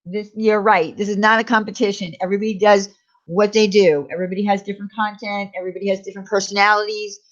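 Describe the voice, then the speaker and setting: A woman's voice: medium pitch, level tone, quick pace. Chatty woman hosting a live stream. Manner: chatty, reassuring, talks to chat by name. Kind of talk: casual live stream chat reading comments. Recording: slightly dull lo-fi stream audio.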